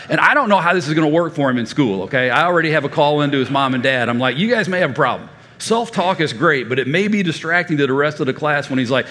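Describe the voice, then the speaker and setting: Fifty-something preacher, folksy storyteller, kinda high voice, stumbles and restarts a lot, big echoey church. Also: male voice, quick pace, hardly any pauses. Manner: folksy, animated, frequent stammered restarts. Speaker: pastor. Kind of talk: storytelling sermon. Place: church sanctuary. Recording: reverberant church hall.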